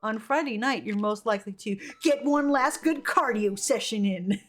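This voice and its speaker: A woman's voice: fairly high pitch, moderate pace, few pauses. A woman streamer giving casual commentary on a game, laughing often and reading chat aloud.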